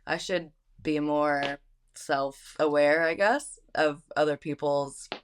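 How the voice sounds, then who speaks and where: A woman's voice: deep voice, steady tone, takes it slowly, a little hiss or hum. A woman speaking as the guest in a money interview, candid and self-deprecating about her spending. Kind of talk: candid conversation.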